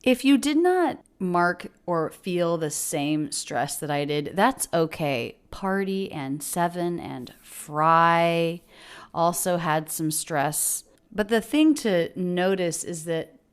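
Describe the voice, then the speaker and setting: A woman teaching English pronunciation, breaking down phrases and repeating words slowly to model their sounds. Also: fairly low pitch, clean tone. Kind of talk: pronunciation lesson.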